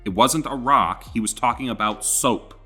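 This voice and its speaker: A man hosting a relaxed podcast conversation. He jokes around and laughs easily as he talks. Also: mid-range voice, normal speed, faint music behind. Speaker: podcast host. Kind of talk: casual chat.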